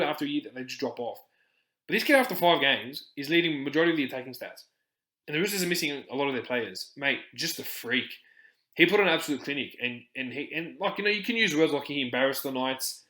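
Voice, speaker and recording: Passionate man, bright echoey voice. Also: medium pitch. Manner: passionate, rambling, many restarts. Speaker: podcast host. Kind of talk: casual sports podcast chat.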